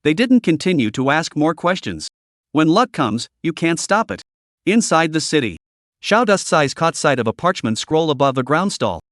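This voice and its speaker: A man narrating a fantasy comic story in scripted form, with steady storytelling delivery. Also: fairly high pitch, moderate pace, no echo, clean studio sound. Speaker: recap narrator.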